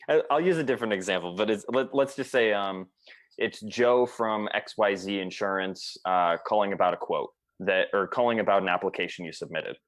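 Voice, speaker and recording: A man's voice: on the low side, normal speed. A man chatting casually as a sales coach, peppering his talk with "like" and the odd swear word. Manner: casual, fills speech with "like", swears. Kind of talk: casual podcast chat.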